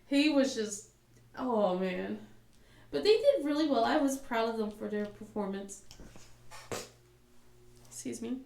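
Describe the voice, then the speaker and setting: A woman's voice: on the high side, lively intonation, unhurried, creaky, pauses often, a little mellow, a little hiss or hum. A woman in her thirties chatting casually as a crafting channel host, rambling through a story with many fillers and a cough now and then. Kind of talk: casual chat. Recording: echoey room.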